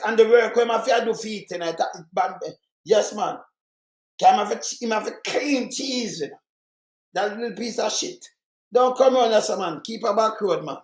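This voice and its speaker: A man with a Jamaican accent hosting an angry political rant, reading out statistics, heated and repetitive, cursing and bursting into shouts. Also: very high-pitched, roomy sound. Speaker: channel host commenting on murder statistics.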